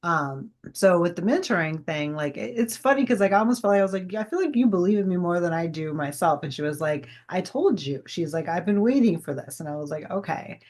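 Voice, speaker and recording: A woman's voice: fairly low pitch, animated, fairly quick, few pauses, darkish tone. A woman in her forties, a guest chatting casually in an interview, rambling with many fillers and acting out past conversations.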